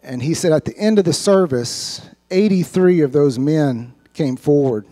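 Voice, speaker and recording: A man's voice: a little high, normal speed, mellow, soft background music. A man giving an earnest, heartfelt personal testimony to a church congregation, sometimes repeating words as he speaks. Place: church sanctuary.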